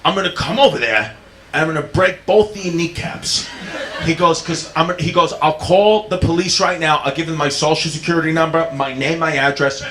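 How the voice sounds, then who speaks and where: A man doing stand-up, telling a story loudly with frequent laughter and a drunken slur. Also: fairly high pitch, normal speed. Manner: loud, laughing, drunken delivery. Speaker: stand-up comedian. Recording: comedy club recording with ambience.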